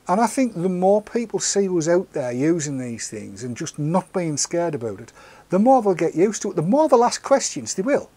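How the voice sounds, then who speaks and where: A man's voice: on the high side, dark tone. A man, hosting a casual chat, rambling and repeating words as he tells stories. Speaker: show host.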